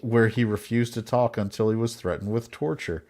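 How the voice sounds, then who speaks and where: A man's voice: mid-range voice, moderate pace, darkish tone. A man hosting a casual comedy podcast, narrating history between jokes and frequent laughter. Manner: laughs often, jokey asides between narration.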